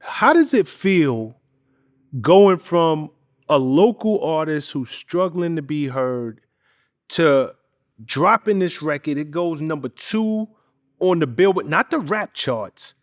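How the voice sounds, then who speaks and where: A man's voice: fairly high pitch, lively intonation, slow, no room sound, clean studio sound. A male interviewer asking questions casually and piling several questions together. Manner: conversational, stacks up questions.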